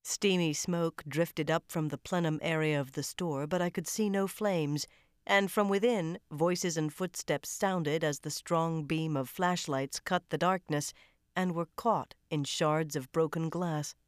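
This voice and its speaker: A low-voiced woman reading a first-person thriller aloud, tense and dramatic. Her delivery is close and controlled. The recording is very dry, with no room sound. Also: unhurried, clear, resonant tone, no room sound. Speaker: audiobook narrator. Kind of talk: first-person audiobook narration.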